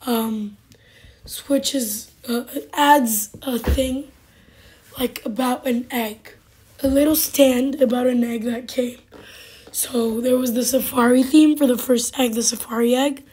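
A high-pitched woman with a hoarse, husky voice chats through a gameplay session in slow, unhurried commentary. She halts often, fills gaps with fillers and sometimes sinks into a whisper. Her tone stays dark and mellow rather than bright. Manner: halting, with many fillers and sudden drops to a whisper. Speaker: gaming channel host.

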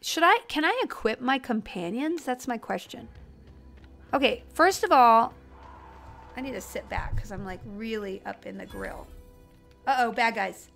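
A woman streaming a video game live, excitable and chatty, talking through her choices. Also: on the high side, unhurried, vocal fry, faint music behind. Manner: excitable, chatty, self-deprecating. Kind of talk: live gameplay commentary.

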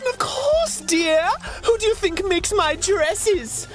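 A man's voice: very high voice, expressive, slow, music in the background, exaggerated voice. A man voicing a vain, cruel, pompous female pony in a parody cartoon, with an affected posh drawl. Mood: haughty. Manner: affected posh drawl, sing-song, condescending.

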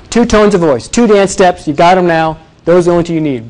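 A man teaching presentation skills to a live audience, energetic and demonstrative, often quizzing the room. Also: sits high, fairly quick, few pauses. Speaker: presentation coach. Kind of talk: live workshop talk.

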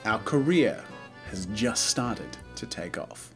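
A man's voice: fairly low pitch, big pitch swings, takes it slowly, fairly bright tone, soft background music. A man hosting a let's play video, with jokey, self-mocking gaming commentary. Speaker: YouTube host.

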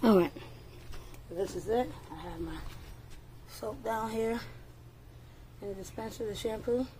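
A woman casually reviewing a dog-washing gadget, chatty and coaxing her dogs in a high sing-song, recorded outdoors in a yard. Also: unhurried, background noise. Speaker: product reviewer.

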